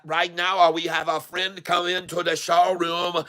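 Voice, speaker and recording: An older man giving live stock-market commentary on a stream, excitable, boastful and jokey. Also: high voice, measured pace, hardly any pauses.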